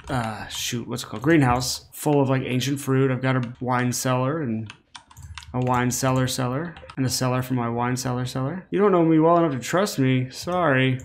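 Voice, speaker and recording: A tired man hosting a relaxed gameplay commentary, sassy and rambling with joking asides. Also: mid-range voice, slight background noise. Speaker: let's play host.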